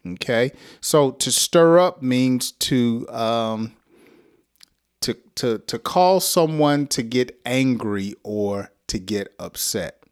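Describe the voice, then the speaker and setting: A man's voice: mid-range voice, lively intonation, clean tone. A middle-aged man with an American accent teaching an English lesson in a casual, patient way, often checking in with "okay?". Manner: slow, patient explanations with frequent "okay?" check-ins and chuckles.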